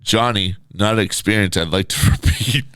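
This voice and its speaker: Male co-host, low voice, wry and teasing, reads reviews aloud, dry close mic. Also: moderate pace, a bit bright, clear, resonant tone, no echo. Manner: wry, laughs while reading, teasing. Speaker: podcast co-host, promoter. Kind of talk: casual chat, reading reviews aloud.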